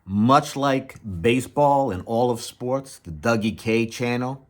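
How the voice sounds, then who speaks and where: A young adult man hosting a comedy channel, rambling in a sarcastic, mock-enthusiastic deadpan sketch. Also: medium pitch, slow.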